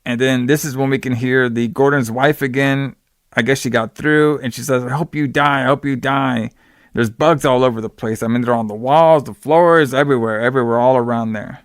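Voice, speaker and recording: A man chats loosely on a podcast, recapping a horror movie in slangy, rambling talk. His voice sits at an ordinary middle pitch. The sound is dry and close to the mic. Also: steady tone, fairly quick, no echo. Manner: rambling, slangy, acts out quotes in exaggerated voices. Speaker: podcast host. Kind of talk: casual movie recap chat.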